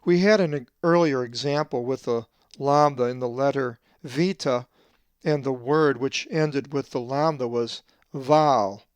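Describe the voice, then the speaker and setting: Brief: male teacher, mid-pitched, dry close sound, measured and methodical, stretches out the example words. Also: clear, resonant tone, dry recording. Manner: methodical, drawn-out slow stress on Greek words. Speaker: Bible translator teaching Greek pronunciation. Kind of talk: scripted teaching lesson.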